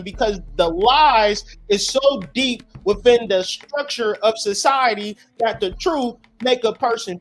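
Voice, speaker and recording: A man's voice: high-pitched, fairly bright tone. A man hosts a profane, preachy monologue, mixing street talk with scripture. He speaks emphatically and drives each point home. Faint music plays behind him. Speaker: host.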